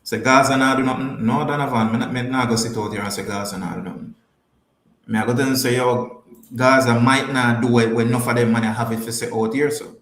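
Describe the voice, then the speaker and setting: Jamaican male podcast host, mid-pitched, loose and emphatic, repeats himself, talks to viewers live, echoey room. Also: steady tone, a little fast, a bit bright, a little hiss or hum. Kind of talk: casual livestream chat, answering viewers.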